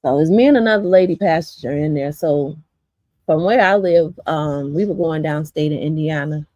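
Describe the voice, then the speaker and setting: A woman's voice: low-pitched, normal speed, mellow, no echo, lo-fi sound. A woman from Chicago's south suburbs, a community vlogger, telling her viewers a story in a blunt, profane, rambling way with lots of fillers.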